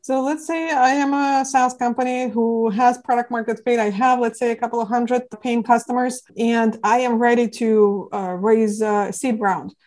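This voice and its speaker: A woman's voice: a little high, normal speed, hardly any pauses. Chatty woman hosting an interview. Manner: chatty, animated, acts out founders in quotes. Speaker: podcast host. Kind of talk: casual interview.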